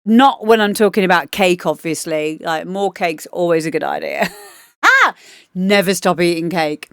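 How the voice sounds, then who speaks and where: A woman's voice: lowish voice, moderate pace, clear, resonant tone, dry recording, clean studio sound. A woman DJ hosting a livestream, chatting casually and rambling with lots of fillers as she gives feedback on demos. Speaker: DJ and livestream host.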